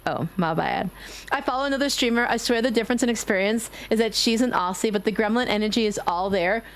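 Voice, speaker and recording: On her gaming livestream, a Brooklyn-born woman with a faded New York accent talks fast in a somewhat high voice with fairly even intonation. The chat is casual; she's giggly and playful and swears without holding back.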